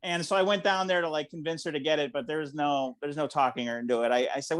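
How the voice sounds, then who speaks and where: Over a video call, a man with a slightly high voice rattles through a stand-up comedy set quickly, barely pausing. He's animated and acts out other people's voices.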